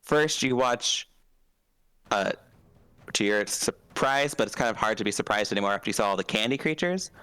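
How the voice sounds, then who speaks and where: A man's voice: lowish voice, expressive, moderate pace, sharp tone, clean tone, no echo. A man narrating a tabletop game as dungeon master, hesitant and full of fillers and restarts.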